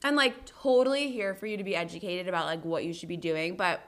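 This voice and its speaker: A young woman in her twenties co-hosts a podcast in loose, casual talk. She rambles, with plenty of fillers, in a slightly low voice. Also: fast, background noise. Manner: relaxed, rambling, lots of fillers. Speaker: podcast co-host. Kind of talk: casual chat.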